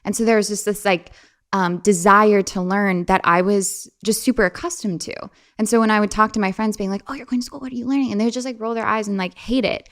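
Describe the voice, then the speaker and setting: A young woman talking casually as an interview guest, animated and chatty, often putting on a playful high voice when quoting. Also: brisk.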